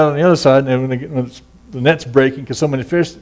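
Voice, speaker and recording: A middle-aged man, a pastor, giving a relaxed, conversational sermon full of folksy stories and casual asides. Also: medium pitch, fast.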